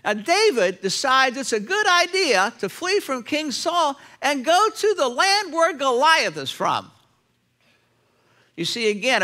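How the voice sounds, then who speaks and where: Animated, bright-voiced male preacher. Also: high voice. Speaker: pastor. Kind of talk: sermon. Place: church sanctuary.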